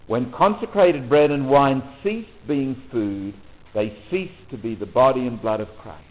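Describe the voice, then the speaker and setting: A man's voice: medium pitch, unhurried. Man giving a retreat talk. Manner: relaxed, conversational, frequent ums and restarts. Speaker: retreat leader. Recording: tinny phone-like audio.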